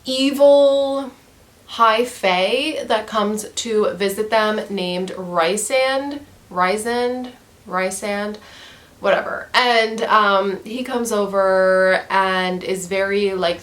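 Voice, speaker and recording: A woman's voice: mid-range voice, drawn-out words, fairly bright tone. A young woman in her twenties reviewing a book in a casual rant to the camera, exasperated, crude and emphatic, repeating her points.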